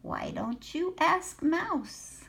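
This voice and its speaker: A woman's voice: high-pitched, sing-song, very slow, vocal fry, voice pushed up, full character voice. An older woman reading a picture book, voicing a cheerful duck family with quacks. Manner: quacking, bright.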